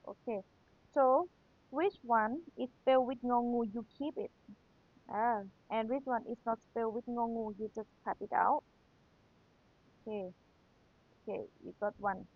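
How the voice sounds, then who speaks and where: A woman's voice: a little high, unhurried, long pauses. A young woman whose first language is Thai, teaching an exam review lesson and patiently repeating key points while checking in with rhetorical questions. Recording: tinny phone-like sound, dry.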